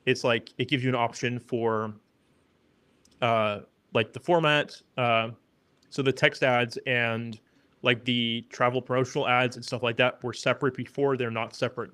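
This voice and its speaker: Relaxed male podcast host, dry sound. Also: mid-range voice, normal speed, smooth, dry recording. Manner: relaxed, matter-of-fact explaining. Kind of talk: casual explaining.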